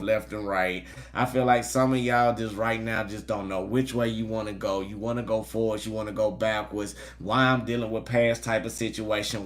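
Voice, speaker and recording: A chatty man hosts a live-streamed tarot reading at a medium pitch for a man. He calls out viewers by name and gives earnest spiritual encouragement in an easygoing, talkative way. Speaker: tarot reader.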